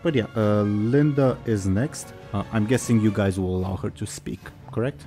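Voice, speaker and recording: A man's voice: lowish voice, normal speed, over music. A man narrating as game master of a tabletop game, casual and full of fillers. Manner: casual, with many fillers and laughs.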